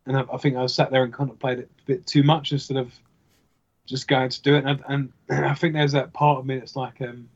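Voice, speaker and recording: A man's voice: mid-range voice, flat delivery, brisk, highs cut off. A man talking as a guest in casual chat. He speaks hesitantly, with many fillers and restarts. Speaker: podcast guest.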